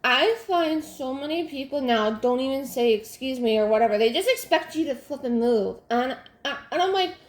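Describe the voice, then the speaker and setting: Young woman, exasperated chatty crafter, highish voice, roomy echoey room. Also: lively intonation, normal speed, hardly any pauses. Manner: venting, exasperated, many fillers and restarts. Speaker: crafting vlogger. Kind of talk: casual chat while crafting. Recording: roomy echo.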